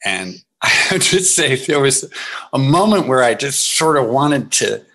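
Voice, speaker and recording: A man's voice: mid-range voice, measured pace. A man, an actor guest in an interview, telling anecdotes with laughs and acted-out quotes. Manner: animated, laughing, acts out quotes.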